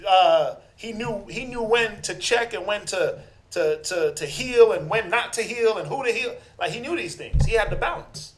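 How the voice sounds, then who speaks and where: Male Bible class teacher, high voice, lively and call-and-response, acts out the people he quotes; echoey room. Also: moderate pace. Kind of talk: interactive scripture class.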